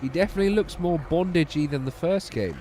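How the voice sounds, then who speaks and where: A man's voice: fairly high pitch, fast, dark tone, slight background noise. A man streaming a game, tired and yawning, making wry, sardonic asides. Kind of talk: gameplay commentary.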